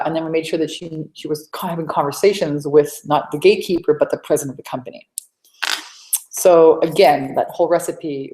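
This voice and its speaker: Low-voiced woman in an echoey room. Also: a little mellow. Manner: chatty and rambling, many restarts. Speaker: sales coach and webinar host. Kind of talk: live coaching webinar. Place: home.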